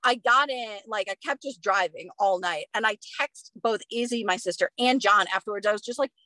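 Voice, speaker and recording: A woman telling a story as a podcast guest, lively and expressive, with some swearing. Her voice sits at a middle pitch. The sound is dry and close, with no room echo. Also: brisk. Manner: animated and expressive, swears freely. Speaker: guest, professional runner. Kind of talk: casual storytelling.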